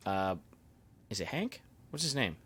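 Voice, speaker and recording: A man's voice: fairly low pitch, very animated, unhurried, a bit bright, slightly rough. A man co-hosting a casual podcast chat, blunt and swearing freely. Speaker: podcast co-host. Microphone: podcast mic.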